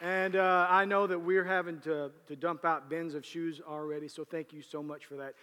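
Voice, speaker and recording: A man leads his church as pastor, his voice sitting slightly high. He talks casually and jokes, then builds into emphatic preaching. The sound rings with the long echo of a large sanctuary. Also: fairly even intonation, normal speed, sharp tone, smooth, some chatter behind. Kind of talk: sermon with church announcements. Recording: reverberant church hall.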